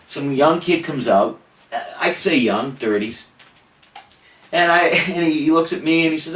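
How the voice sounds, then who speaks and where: His voice is on the high side and a bit bright, moving at a moderate pace. The older man, a cannabis activist, says goodbye in a farewell video before telling a theatrical, boastful, profane story to an audience, recorded on a distant mic in a roomy space with faint noise.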